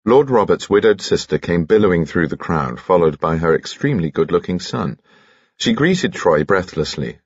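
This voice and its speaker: A man narrating an audiobook in an expressive, measured way, recorded close on a studio microphone. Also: sits low, breathy edge, no room sound, dull audio. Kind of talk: scripted narration.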